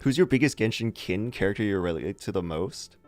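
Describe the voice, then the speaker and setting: A streamer chatting casually with a live chat, animated and rambling, laughing often. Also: sits low, fairly quick, no echo, faint music behind.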